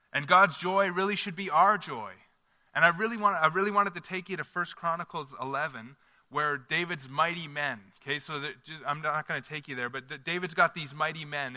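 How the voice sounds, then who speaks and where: A man's voice: on the high side, bright, forceful tone, in a large hall. A man preaching a sermon as pastor, earnest and conversational, often restarting his phrases.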